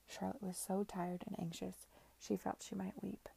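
A woman reading a novel aloud in a soft, half-whispered narration. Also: mid-range voice, level tone, normal speed, vocal fry, husky, no echo. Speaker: reader.

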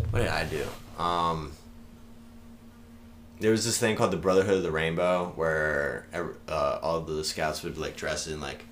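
A young man in his twenties, appearing as a podcast guest, tells rambling stories casually, swearing freely and laughing along. His voice is rumbling and low yet a bit bright, with a little hiss or hum in the recording.

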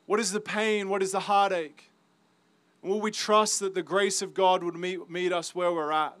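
A man with an Australian accent giving an earnest, halting personal testimony as a campus ministry speaker, his voice full of emotion. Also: sits high, little pitch movement, fairly bright tone, no room sound.

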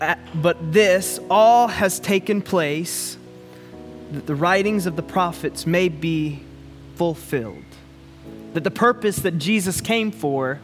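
Male pastor, high-pitched, casual animated sermon delivery, long hall reverb, soft music underneath. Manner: animated, conversational preaching with repeated phrases.

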